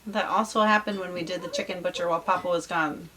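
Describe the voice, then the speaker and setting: A woman, a mother in a family vlog, talking gently and softly in a casual chat. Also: on the low side, steady tone, fast talker, crowd noise.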